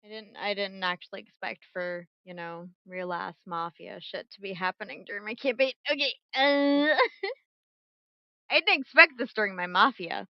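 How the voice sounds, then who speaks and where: A woman running a tabletop game as game master, casual and animated, swearing freely, at her computer mic. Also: mid-range voice, normal speed, no echo, dull audio.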